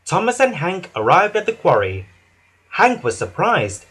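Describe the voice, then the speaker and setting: A man reads a children's storybook aloud with lively, expressive pitch. His voice is slightly husky and sits a touch high. He restarts now and then as he reads. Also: a little slow. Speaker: narrator. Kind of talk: storybook narration.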